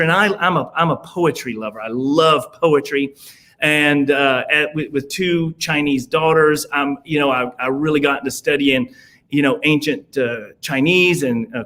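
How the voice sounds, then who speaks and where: A man's voice: a little high, a bit bright. A man with a Southern US accent, a podcast guest talking in a rambling way, full of fillers and restarts. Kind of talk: casual conversation.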